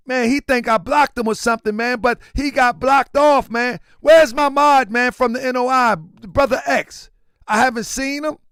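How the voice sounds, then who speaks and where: A man's voice: very high voice, no room sound, clean studio sound. A man hosting a livestream, talking casually and preaching at times, often raising his voice. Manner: animated, preachy, shouting at times. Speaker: livestream host.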